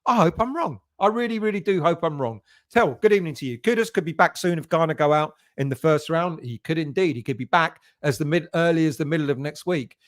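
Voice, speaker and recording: A man's voice: fairly high pitch, animated, fast, hardly any pauses, dry recording, clean studio sound. A man hosting a fan live stream, chatting casually and greeting viewers by name between fillers. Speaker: fan channel host. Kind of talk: live stream chat reading viewer comments.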